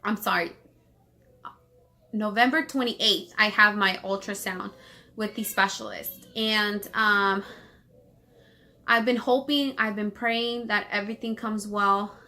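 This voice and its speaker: A woman from Los Angeles telling a personal story on her vlog, rambling fast with many fillers and restarts while holding back tears. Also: mid-range voice, steady tone, bright, forceful tone, faint music behind. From Los Angeles, United States. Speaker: vlogger.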